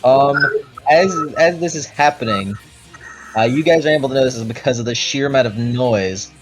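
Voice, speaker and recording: A man's voice: medium pitch, normal speed, soft background music. Rambling male game master. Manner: loose, rambling narration full of fillers and swearing. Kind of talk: narrating a tabletop game.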